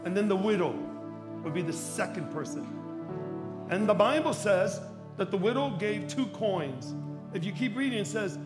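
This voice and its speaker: A male pastor from Chicago preaching a sermon, telling a story and acting out the dialogue, with bursts of shouting for emphasis. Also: high-pitched, animated, moderate pace, music in the background.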